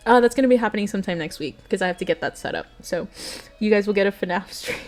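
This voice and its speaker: A woman's voice: medium pitch, quick pace, hardly any pauses. Earnest young woman streamer. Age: young adult. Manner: earnest and emotional, with laughs. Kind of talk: bedtime story reading and stream chat.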